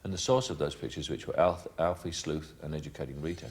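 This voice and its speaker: A man's voice: very deep voice, steady tone, fast talker. A man answering an interview, musing aloud with stops and restarts.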